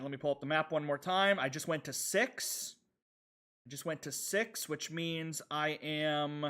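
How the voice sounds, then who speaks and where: A man's voice: a little high, fairly bright tone. A man streaming a retro video game, rambling casually to himself and his viewers as he plays. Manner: rambling, self-talking while playing, chatting with viewers. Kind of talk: casual gameplay commentary.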